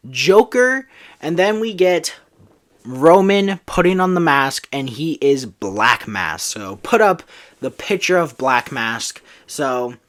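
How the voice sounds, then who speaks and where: A man's voice: medium pitch, a bit bright. A man casually retelling a made-up movie plot, rambling with many fillers. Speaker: storyteller.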